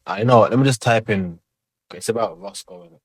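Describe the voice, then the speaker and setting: A man's voice: fairly low pitch, a little fast, slightly rough, no echo. A man giving casual commentary as a reaction video host, loose and rambling, full of fillers and swearing.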